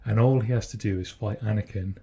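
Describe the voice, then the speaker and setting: Low husky-voiced man. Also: fairly even intonation, fairly quick, warm tone. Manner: speculative, reasons things through step by step. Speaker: podcast co-host. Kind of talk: casual chat.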